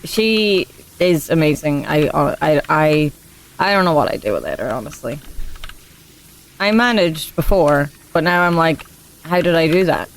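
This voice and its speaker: A woman's voice: low voice, lively intonation, measured pace. A woman streaming a game, chatting casually with a friend and her viewers in a rambling, giggly way. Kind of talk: casual gaming stream chat.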